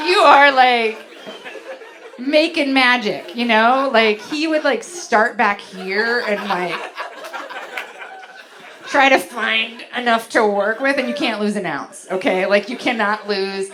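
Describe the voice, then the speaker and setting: Lively, bawdy woman comedian on stage. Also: on the high side. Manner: animated, bawdy storytelling with frequent "like" fillers. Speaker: stand-up comedian. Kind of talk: stand-up comedy set. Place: comedy club stage before a laughing audience.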